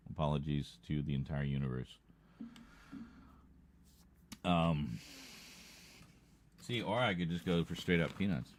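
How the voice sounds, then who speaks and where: Low-voiced man chatting on a stream. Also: a little slow, pauses often, a little hiss or hum. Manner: rambling, laughs often. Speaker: livestream host. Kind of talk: casual chat.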